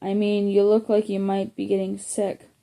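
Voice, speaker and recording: An easygoing teenage boy from a spooky storybook, the narrator's friend, as a woman reads him aloud. His lines come out level and unhurried, in a soft, mellow tone. He sounds like the calm one trying to keep things rational. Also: medium pitch, vocal fry, lightly acted. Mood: concerned.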